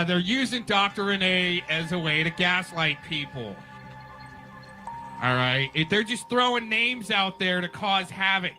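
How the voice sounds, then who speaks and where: A man's voice: high voice, pushed and bright, low-quality recording. A man hosting a live stream, rambling and conspiratorial as he talks over a replayed clip. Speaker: stream host. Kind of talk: casual commentary on a restreamed clip.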